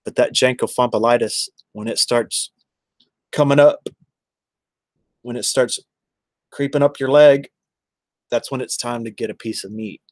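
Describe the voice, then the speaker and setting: A man's voice: medium pitch, fairly even intonation, measured pace, long pauses, a little mellow, dry recording. A man, chatting casually on a livestream and answering viewers by name in a rambling way. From Texas.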